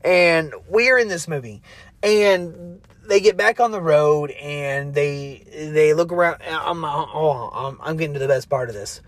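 A man's voice: on the high side, unhurried, no echo. Rambling young man swearing through a recap. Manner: loose and excitable, many fillers and restarts, swears freely. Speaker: movie fan retelling a film. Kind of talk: rambling casual movie recap.

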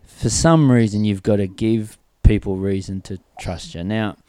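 A middle-aged man with a low, mellow voice tells stories with bursts of excitement and frequent laughter. He is recorded dry and close. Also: a little slow, smooth, no echo. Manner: animated storyteller, laughs often, speaks in bursts. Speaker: host and former team staff member. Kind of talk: conversational podcast interview.

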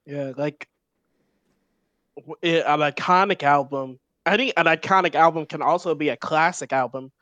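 A man co-hosting a casual music podcast, blunt and animated, often laughing as he talks. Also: on the high side, normal speed, dry recording, dull audio. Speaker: podcast co-host. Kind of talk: casual chat.

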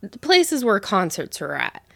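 A woman's voice: medium pitch, big pitch swings, measured pace, vocal fry, no echo, studio quality. A woman in her thirties telling a rambling, casual story, swearing freely and filling with "like". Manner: rambling, profane, many fillers.

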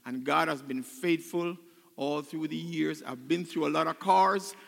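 Fervent older male pastor, bright voice. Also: a little high, measured pace, creaky, long reverb tail. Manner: emotional, building to loud fervent preaching. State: choked up. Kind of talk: sermon. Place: church sanctuary.

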